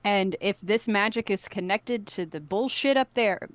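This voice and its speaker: A woman's voice: medium pitch, a little slow, no echo. Woman, tabletop player, urgent, dry close sound. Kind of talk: playing a tabletop game.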